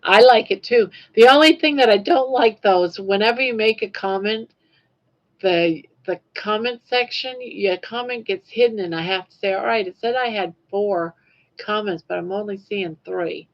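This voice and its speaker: A woman's voice: mid-range voice, normal speed, lo-fi sound. A woman in her sixties hosting a casual livestream, chatting emotionally with viewers and reading their comments. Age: 60s. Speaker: livestream host.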